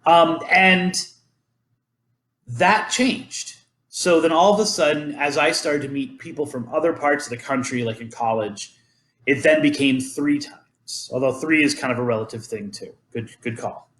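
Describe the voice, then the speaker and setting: A man's voice: a little high, measured pace, a bit bright. A man hosting a podcast, chatting casually and rambling through legends with many ums and restarts. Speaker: podcast host. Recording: roomy echo.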